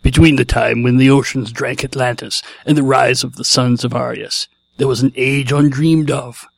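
A man doing an impression of a solemn male chronicler narrating an epic fantasy saga, slow and grand. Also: medium pitch, fairly even intonation, creaky, breathy edge, no room sound. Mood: grandiose.

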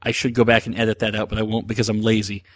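A man hosts a casual solo show, answering listener questions in a rambling, joking, self-deprecating way full of ums and uhs. His voice is on the low side and a bit bright, with a level tone, and he talks very fast.

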